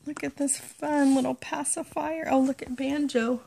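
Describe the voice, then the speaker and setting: A woman's voice: high-pitched, steady tone, moderate pace, gravelly, hardly any pauses, heavy background noise. A woman vlogging casually as she unboxes a gift, gushing and baby-talking to her pets.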